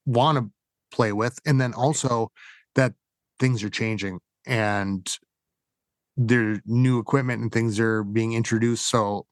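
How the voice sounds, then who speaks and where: A man's voice: mid-range voice, no room sound, studio quality. A man co-hosting a casual gaming podcast, loose and rambling with lots of fillers. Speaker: podcast co-host.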